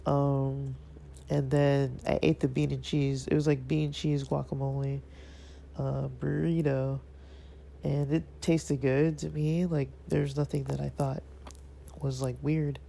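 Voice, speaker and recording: Vlogger with a stuffy nose: heavy vocal fry, mellow tone, hesitant and rambling. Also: mid-range voice, little pitch movement, slow, a little hiss or hum. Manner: hesitant, rambling, many fillers. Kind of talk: casual reflective monologue.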